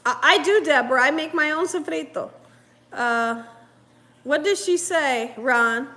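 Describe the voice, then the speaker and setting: A woman's voice: high-pitched, measured pace, pushed and bright. A woman hosting a live cooking stream in a casual, chatty way, laughing often and reading viewer comments aloud. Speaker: cooking show host.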